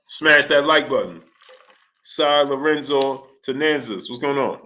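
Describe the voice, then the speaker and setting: A man's voice: medium pitch, measured pace, pushed and bright, slight background noise. A man hosting a casual livestream, reading out viewers' comments in a slangy manner and calling them "brother". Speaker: livestream host. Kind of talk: casual live-stream chat.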